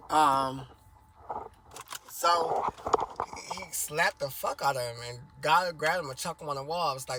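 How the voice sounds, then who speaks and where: A man's voice: mid-range voice, moderate pace, very noisy. A man casually telling a rambling family story for a vlog, repeating himself and swearing freely.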